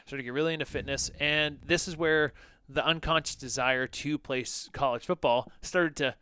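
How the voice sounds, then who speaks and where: A man's voice: fairly high pitch, steady tone, normal speed, pushed and bright, clear, resonant tone. A man co-hosting a podcast, telling a personal story in a loose, conversational way with lots of "like" and "you know". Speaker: podcast co-host.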